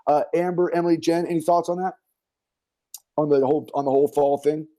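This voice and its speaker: Male school administrator hosting a parent call; somewhat high, mellow voice, chatty and rambling with lots of restarts. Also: fairly quick. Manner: animated, rambling, many fillers and restarts. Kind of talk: casual online community talk.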